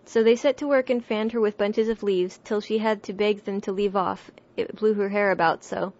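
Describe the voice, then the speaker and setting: A woman narrating a classic children's book in a steady, clear reading voice. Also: mid-range voice, normal speed, highs cut off. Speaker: audiobook reader. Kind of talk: storybook narration.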